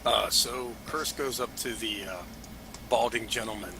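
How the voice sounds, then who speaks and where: A man's voice: lowish voice, unhurried, gravelly, a crowd in the background. A man playing a tabletop game who speaks for his character in broken, clipped sentences. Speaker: player.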